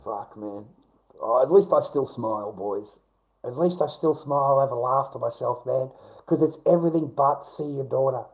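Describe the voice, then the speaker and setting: A man's voice: medium pitch, moderate pace, creaky, darkish tone, rough recording. An Australian man in a rambling casual livestream chat with viewers, blunt and profane, ranting and laughing things off, speaking into a webcam in front of his screen.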